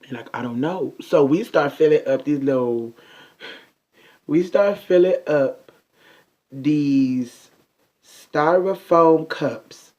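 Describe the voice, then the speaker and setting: A young man telling a funny storytime vlog, animated and chatty, often turning to talk straight to his viewers. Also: fairly high pitch, takes it slowly, long pauses, highs cut off. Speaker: vlogger.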